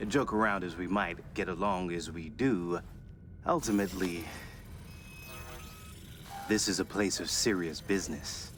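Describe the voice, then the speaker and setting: Deep-voiced, firm security officer in a game. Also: male voice, a little slow, pauses often, fairly bright tone, a little hiss or hum. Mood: stern. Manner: firm, serious.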